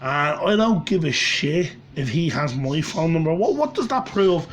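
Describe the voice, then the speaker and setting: A man's voice: on the high side, sing-song, moderate pace, slight background noise. A man with a Dublin accent, ranting angrily with a lot of swearing, repeating himself as he goes. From Ireland. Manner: angry, sweary, repetitive. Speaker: channel host. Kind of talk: ranting monologue.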